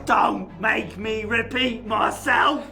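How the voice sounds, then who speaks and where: An actor playing a menacing gangster who shouts and swears as he threatens someone. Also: sits high, steady tone, slow pace, gravelly, soft background music, heavily acted. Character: menacing male gangster twin, brutal. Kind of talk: film acting. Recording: distant voice over film score.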